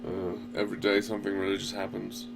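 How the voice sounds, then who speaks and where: A man's voice: lowish voice, monotone, fast talker, vocal fry, heavy background noise. A man hosting a casual online radio show, rambling loosely and swearing now and then. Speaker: podcast host. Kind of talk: casual talk radio chat.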